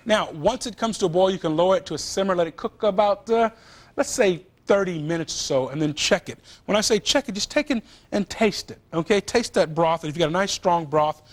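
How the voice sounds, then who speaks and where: A man's voice: high-pitched, brisk, a little hiss or hum. A man hosting a TV cooking show, chatting and joking with the crew as he demonstrates recipes in a studio kitchen. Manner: chatty, animated, jokes with crew.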